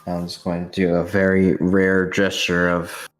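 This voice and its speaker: Hesitant, low-voiced man at the game table. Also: monotone, a little slow, soft background music. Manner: hesitant, many fillers, soft-spoken. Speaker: player. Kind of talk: tabletop role-play, describing his character.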